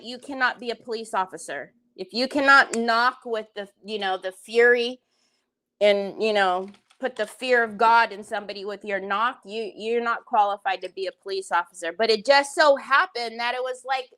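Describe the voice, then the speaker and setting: A woman's voice: on the high side, pushed and bright. A woman hosting a crafting livestream, telling a story in a rambling, chatty way and laughing often. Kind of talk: casual storytelling chat.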